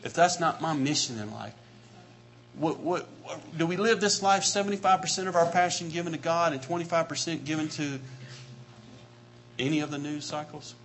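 A man preaching a sermon with passion, repeating his phrases and building to shouts. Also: on the high side, moderate pace, slight background noise.

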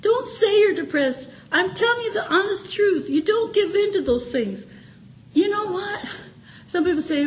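A middle-aged woman giving an informal sermon testimony, animated and laughing, swinging from excited exclamations to low murmurs. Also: moderate pace, poor audio. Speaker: church speaker.

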